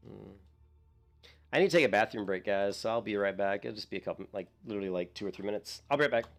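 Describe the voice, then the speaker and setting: Low-voiced man rambling over a game. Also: fast, vocal fry. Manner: rambling, self-mocking, chuckling often. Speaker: game streamer. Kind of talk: casual gameplay commentary.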